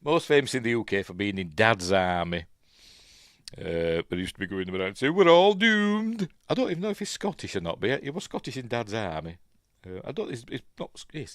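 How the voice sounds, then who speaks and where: A man's voice: fairly low pitch, fairly bright tone, dry recording, clean studio sound. A man with a Yorkshire accent casually commentating on an old film as he watches, rambling and chatty with lots of fillers. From Yorkshire, England. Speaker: film review host.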